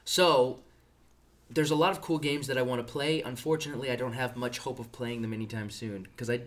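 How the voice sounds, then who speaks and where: A man's voice: mid-range voice, steady tone, a little fast, a bit bright. A young man co-hosting a casual podcast chat, joking and laughing often. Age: young adult. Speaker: podcast co-host.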